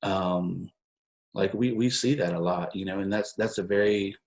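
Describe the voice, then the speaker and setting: A man, a guest and adoptive father, speaking in halting conversation and repeating words as he searches for them. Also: sits low, steady tone, poor audio. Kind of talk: casual conversation.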